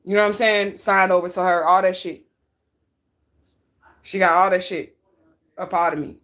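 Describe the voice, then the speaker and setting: A woman's voice: fairly low pitch, fairly even intonation, moderate pace, a bit bright. A woman telling her followers an emotional personal story, raw and outspoken, cursing freely, crying as she talks. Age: adult. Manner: raw, outspoken, profane, tearful at times. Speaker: spiritual reader talking to her followers.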